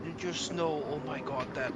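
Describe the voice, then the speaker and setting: Higher-voiced man over loud noise. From Denmark. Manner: halting, with many fillers and restarts. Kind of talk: casual chat.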